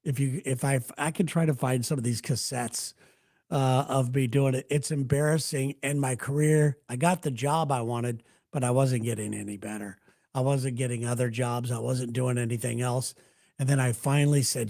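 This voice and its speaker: A man's voice: mid-range voice, expressive, moderate pace, a little mellow. A middle-aged man hosting a live show, chatting candidly in a rambling, self-deprecating way while answering viewer comments. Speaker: radio host doing a live chat show.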